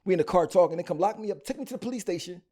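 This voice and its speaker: A rapper from Philadelphia, speaking with a Philly accent, tells his story as an interview guest. His high-sitting voice races along in slangy, animated bursts packed with restarts.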